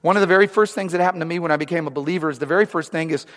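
A man preaching a sermon, telling a personal story, moving between loud urgent preaching and hushed prayer. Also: fairly high pitch, rapid-fire, in a large hall. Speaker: pastor.

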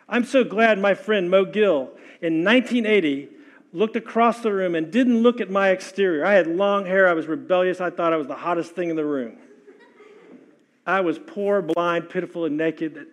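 An older man preaching a sermon as pastor, impassioned, swinging between loud exhortation and hushed, soft lines. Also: high-pitched.

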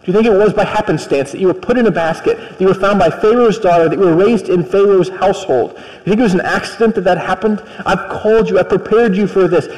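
A man's voice: high-pitched, quick pace, few pauses, a little mellow, close to an everyday voice. A man voicing God as a patient, firm figure who speaks in a conversational, reassuring and slightly wry way. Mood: persuasive. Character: patient, firm, all-knowing male God. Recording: long reverb of a large hall.

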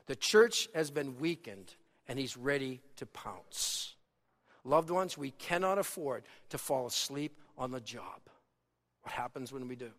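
A man preaching a sermon as a pastor, swinging between loud, emphatic lines and hushed, quiet ones. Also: a little high. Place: church sanctuary. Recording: long hall reverb.

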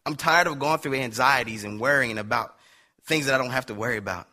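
A man preaching a sermon, emphatic at times and dropping quiet at others, telling a story to make his point. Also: medium pitch, fairly quick.

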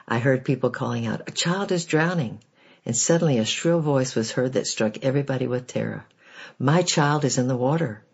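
A man reads devotional stories and Bible verses in a measured, earnest way. His voice is gravelly and a little husky. The recording sounds dull and lo-fi. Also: medium pitch, a little mellow. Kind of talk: devotional story reading.

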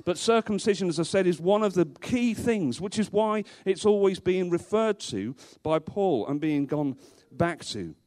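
High-voiced man preaching emphatically. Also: animated, normal speed, few pauses, a little mellow. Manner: emphatic, repeats rhetorical questions. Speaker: pastor. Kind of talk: sermon. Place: church, before a congregation.

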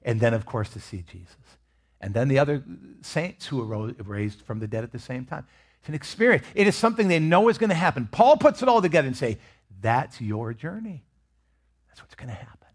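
Expressive husky-voiced male pastor preaching. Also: medium pitch, fast. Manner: expressive, swings between loud emphasis and hushed near-whispers. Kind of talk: sermon.

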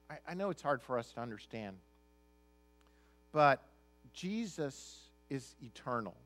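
A man's voice: medium pitch, sing-song, slow, a bit bright. A male pastor preaching a sermon, reading scripture aloud and then explaining it in an emphatic, conversational way.

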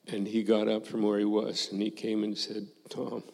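An older man, a former missionary, telling a personal testimony to a congregation in a slow, reflective way, acting out the dialogue he recalls. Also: on the low side, monotone, creaky, a little mellow, long reverb tail.

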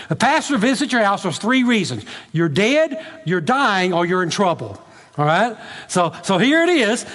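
A male pastor preaching a sermon, retelling scripture in an animated way with frequent restarts and repeated words. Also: high-pitched, long reverb tail.

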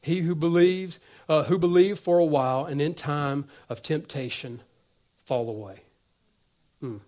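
This pastor's voice sits on the high side and his pace is measured. Animated throughout the sermon, he acts out brief exchanges and occasionally lowers his voice to a near whisper.

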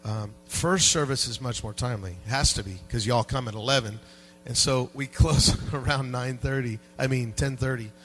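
A man preaching a sermon as pastor in a church, animated and joking with the congregation, dropping to quiet asides and rising to loud peaks. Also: medium pitch, moderate pace, faint music behind, low-quality recording. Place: church sanctuary.

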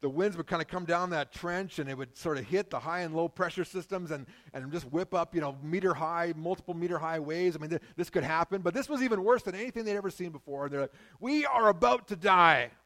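A pastor from Canada preaching a sermon in a conversational, storytelling way, with frequent restarts. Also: male voice, fairly high pitch, fast talker, few pauses, rough recording.

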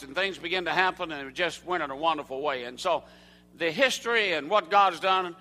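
An older Southern American man preaches in a folksy way, calling questions out to the congregation. His voice is high and bright, and it rings with the long reverb of a church sanctuary. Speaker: evangelist. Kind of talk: sermon.

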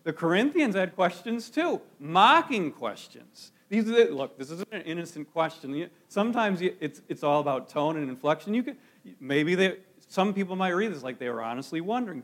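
A man with a high-pitched voice preaching a sermon. He talks to his congregation casually, asking rhetorical questions. He often stumbles and restarts his phrases as he goes. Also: sing-song, normal speed, a bit bright. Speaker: pastor.

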